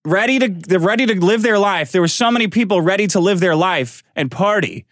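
A man's voice: sits high, fairly quick, dry recording, studio quality. A man in his forties hosting a casual podcast chat, sardonic and swearing as he tells stories. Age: 40s. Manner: sardonic, swears often, animated storytelling.

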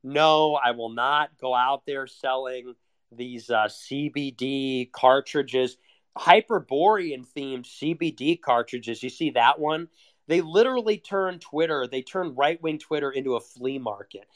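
A man's voice: medium pitch, a little slow. A man delivering a heated, sarcastic, profane rant as a solo monologue. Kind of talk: ranting monologue.

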